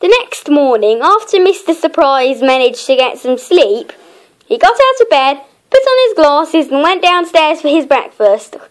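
A woman narrating her own homemade children's story in a gentle storytelling manner. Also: sits high, very animated. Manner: gentle, slow storytelling with small laughs.

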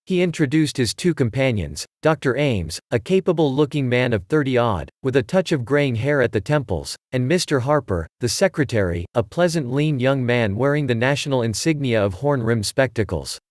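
A man narrating a story in a measured, scripted audiobook reading. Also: medium pitch, lively intonation, no echo, studio quality.

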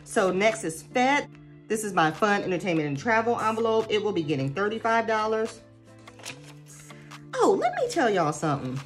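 A woman's voice: mid-range voice, normal speed, soft background music. Chatty woman vlogger. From United States. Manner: chatty and animated, addresses viewers as y'all. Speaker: budgeting vlogger. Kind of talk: casual chat to camera.

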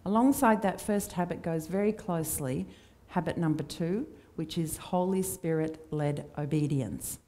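A woman's voice: low voice, normal speed. A woman preaching a sermon in a church, conversational and storytelling in her delivery. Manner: conversational, warm storytelling with acted quotes.

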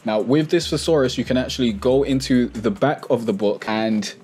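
Young guy hosting a music tutorial, chatty and relaxed, talks it through casually. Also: mid-range voice, normal speed. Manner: relaxed, chatty, self-correcting, plugs own products.

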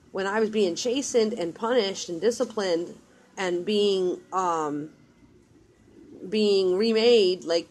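A woman giving casual, earnest religious advice in a vlog, repeating herself insistently and rambling with restarts. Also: lowish voice. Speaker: mother.

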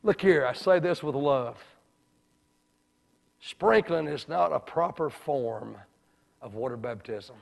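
A man preaching a sermon in a church, folksy, dropping to hushed asides and rising to shouts. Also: on the high side, expressive, takes it slowly, vocal fry, pauses often. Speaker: evangelist preacher. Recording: reverberant hall.

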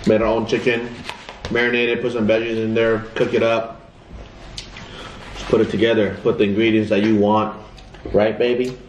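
A man's voice: on the low side, level tone, normal speed, long pauses, echoey room, background noise. A man, a father and vlog host, chatting casually while eating at home. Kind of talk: casual mukbang chat. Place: family home at the dining table.

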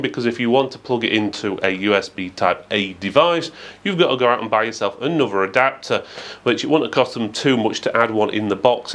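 A tech reviewer with a medium-pitched, slightly bright voice gives a methodical, matter-of-fact product review, using lots of fillers.

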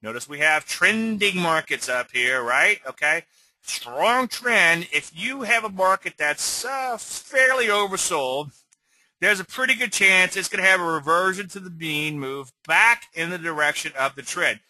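A man's voice: high-pitched, expressive, a little slow, bright, forceful tone, no echo. A man teaching swing trading on a live webinar, rambling and conversational, often checking in with "okay?". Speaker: trading educator.

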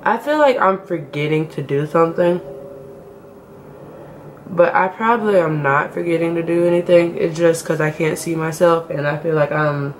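A woman's voice: sits low, moderate pace, slight background noise. A young woman casually chatting to her viewers as she does her makeup, with a slangy, talkative manner. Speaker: beauty vlogger. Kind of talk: casual makeup tutorial talk.

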